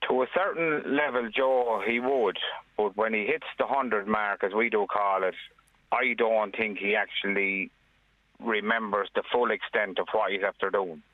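An Irish father speaking earnestly on a radio phone-in, with plain, halting restarts. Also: on the low side, no echo. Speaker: caller, father. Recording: dry tinny phone line.

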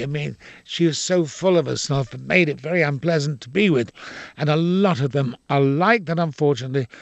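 An older man, an actor, telling indignant, expressive anecdotes in an interview. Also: fairly high pitch, no room sound. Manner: expressive, indignant storyteller with quoted voices.

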